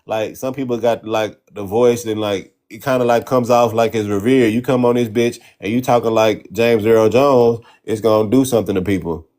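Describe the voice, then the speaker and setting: A man's voice: on the low side, steady tone, normal speed, hardly any pauses, a little mellow. A man talking as a guest in a casual debate chat, rambling with many fillers and restarts. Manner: rambling, hesitant, filler-heavy.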